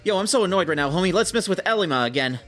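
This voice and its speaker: A man's voice: sits high, lively intonation, rapid-fire, a bit bright, faint music behind, pitched above the performer's own voice. A man voicing a brash young male street punk from a game, with swaggering, slangy taunts. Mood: taunting.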